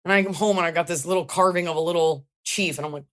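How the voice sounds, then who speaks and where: A woman with a notably low voice hosts a casual podcast. She tells stories in a wry, chatty way, with plenty of swearing and comic asides. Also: fast talker. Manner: chatty, wry, profane storytelling. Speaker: podcast host and stand-up comedian. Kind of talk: casual comedic chat.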